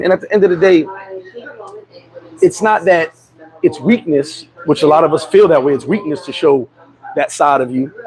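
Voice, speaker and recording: Brief: middle-aged male vlogger, raised gravelly voice, streetwise storytelling, busy crowd around. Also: fairly high pitch, rough recording. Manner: streetwise, repeats and restarts, frequent "you know what I'm saying". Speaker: vlog host. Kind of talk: candid storytelling to viewers. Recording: loud crowd chatter behind.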